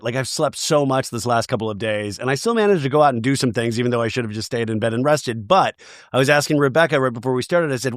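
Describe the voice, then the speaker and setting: A man hosting a casual pop culture podcast, his voice froggy from a head cold, animated and laughing often. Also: fairly high pitch, no room sound, clean studio sound. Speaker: podcast host.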